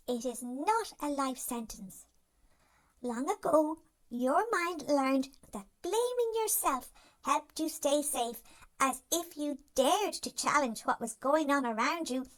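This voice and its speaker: A performer voicing a gentle, caring wise dog in a cartoon, giving soothing self-help narration straight to the listener. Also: high voice, full character voice. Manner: soothing, reassuring, speaks to the listener directly.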